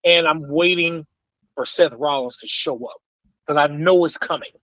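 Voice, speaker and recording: A man's voice: a little high, moderate pace, no room sound, rough recording. A man calling into a sports talk show, chatting casually with lots of fillers. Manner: rambling, warm, full of fillers. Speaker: caller. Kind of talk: casual chat.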